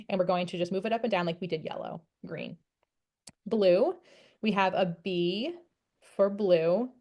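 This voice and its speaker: A woman's voice: mid-range voice, a little mellow. A young woman, a teacher of the deaf, presenting a friendly, step-by-step parenting webinar. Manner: friendly, encouraging, explains step by step.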